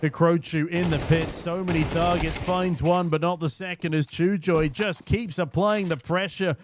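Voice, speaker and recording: Young male esports caster, hoarse, slightly high voice, quick punning play-by-play, booth at a live event. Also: fairly even intonation, background noise.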